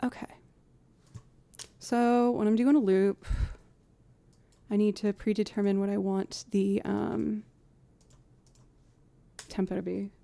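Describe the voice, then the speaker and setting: Chatty lady streamer, mellow and a bit gravelly, humming beats while she fiddles w her loops, soft music behind. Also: medium pitch, level tone, slow, long pauses, dry recording. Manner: chatty, thinks aloud, hums and scats rhythms. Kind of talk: casual live-stream chat while setting up loops.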